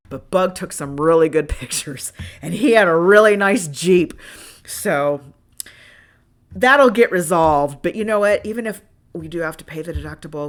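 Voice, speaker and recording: A woman with a bright, forceful voice tells her own stories on a podcast. She talks in a candid, animated way and swears freely. She swings between loud outbursts and quiet, muttered asides. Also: fairly low pitch, moderate pace. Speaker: podcast host. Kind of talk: candid personal storytelling.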